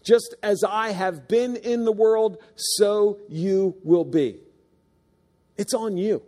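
A man's voice: high voice, slow pace, darkish tone, long reverb tail. A man preaching a sermon, earnest and emphatic, stressing key words and sometimes restarting his sentences. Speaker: pastor. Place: church sanctuary.

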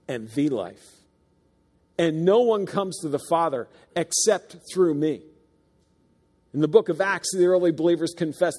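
High-voiced male preacher in a reverberant hall. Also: darkish tone. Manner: earnest, emphatic, with restarts and asides. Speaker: pastor. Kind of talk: sermon. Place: church sanctuary.

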